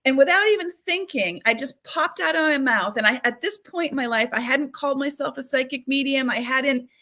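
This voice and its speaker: A woman guest on a talk show, a psychic medium telling stories in a chatty, animated way full of fillers. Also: high voice, fairly quick. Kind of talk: casual storytelling conversation.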